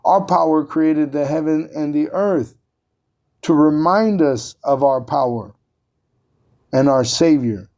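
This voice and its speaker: A man's voice: fairly high pitch, takes it slowly, a little mellow. A man preaching and teaching from scripture, combative and profane, often repeating words as he drives his points home.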